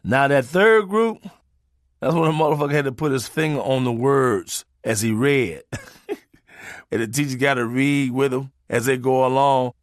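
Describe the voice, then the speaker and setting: A man narrating a comic memoir in a profane, preachy way, swinging his pitch for emphasis. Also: steady tone, moderate pace, dry recording, studio quality.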